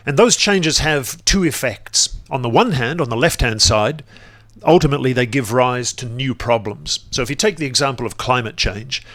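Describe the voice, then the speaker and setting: A man presents a lecture in a relaxed, explanatory way, often restarting his sentences. His voice has a bright, forward tone and sits at a middle pitch. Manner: relaxed and explanatory, with frequent restarts and hedging fillers.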